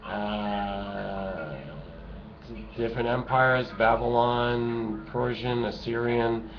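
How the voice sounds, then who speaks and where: A man's voice: mid-range voice, level tone, drawn-out words. A man delivering a sarcastic, emphatic ranting monologue to camera, repeating his points for effect. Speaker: video blogger. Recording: dull lo-fi home recording with noise.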